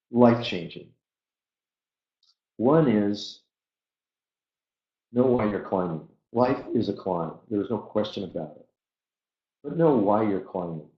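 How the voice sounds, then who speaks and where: A man giving a motivational webinar talk, speaking in an earnest, reflective way with hesitant pauses. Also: deep voice. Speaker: webinar presenter. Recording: dull, lo-fi audio in an echoey room.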